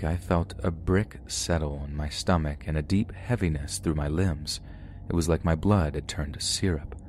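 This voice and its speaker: Very deep-voiced man narrating horror. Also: darkish tone, slight background noise. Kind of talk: scripted horror story narration.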